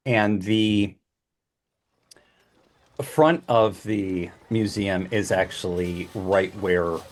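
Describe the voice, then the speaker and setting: A man narrating a tabletop game as game master, rambling with fillers and restarts. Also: deep voice. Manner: meandering, full of fillers.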